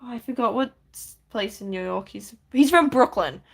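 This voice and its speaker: A woman's voice: fairly high pitch, lively intonation, moderate pace, creaky. Chatty woman rambling on a livestream. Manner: rambling, chatty, lots of fillers and laughs. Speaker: streamer. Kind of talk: casual livestream chat while drawing.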